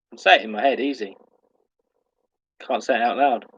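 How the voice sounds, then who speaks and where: A man hosting an online pub quiz, reading each question slowly and repeating it, and laughing at himself when he stumbles over a word. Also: medium pitch, breathy edge, lo-fi sound. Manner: self-mocking when tongue-tied. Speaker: quiz host.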